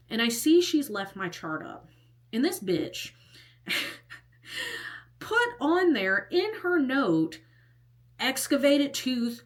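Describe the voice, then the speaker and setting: A woman's voice: lowish voice, a bit bright. A woman in her thirties telling a casual storytime, chatty and exasperated, often restarting her sentences and acting out what others said. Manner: chatty and exasperated, many restarts and quoted dialogue. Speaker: vlogger.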